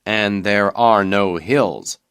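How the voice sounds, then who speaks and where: A man reading as a slow, puzzled sultan. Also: fairly low pitch, fairly bright tone, clear, resonant tone. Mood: doubtful. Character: troubled adult male sultan, puzzled and commanding.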